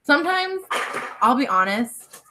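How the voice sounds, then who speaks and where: Chatty woman over loud clicking. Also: high voice, sing-song, measured pace, very noisy. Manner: chatty, laughs often, reads out viewer comments. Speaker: crochet livestream host. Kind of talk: casual chat with live viewers. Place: home.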